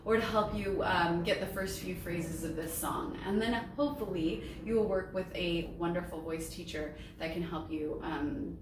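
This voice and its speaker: A woman's voice: fairly low pitch, distant mic, background noise. Upbeat female voice teacher, encouraging; roomy room sound, mic set back. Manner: upbeat and encouraging, sings examples. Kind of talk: voice lesson.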